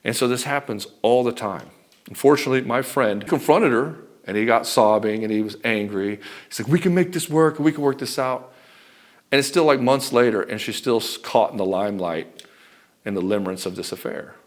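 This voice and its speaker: A man's voice: fairly low pitch, a little fast. A middle-aged man giving blunt, profane relationship advice straight to camera as a coach. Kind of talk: direct-to-camera advice talk.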